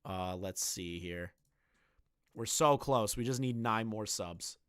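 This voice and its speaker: A man's voice: on the low side, slow, a bit bright, clean tone, dry recording, clean studio sound. A young man streaming live, ranting bluntly with lots of swearing and repeated phrases.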